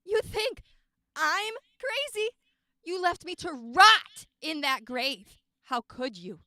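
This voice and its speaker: A woman voicing a frantic young woman left for dead, shrill and accusing, in a voice acting take. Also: big pitch swings, takes it slowly, pushed and bright, no room sound, full character voice.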